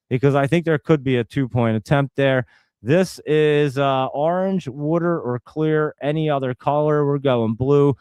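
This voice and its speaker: A man's voice: medium pitch, a little mellow, clear, resonant tone, dry recording, studio quality. A young man hosting a casual livestream, rambling and thinking aloud as he talks to viewers. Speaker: host.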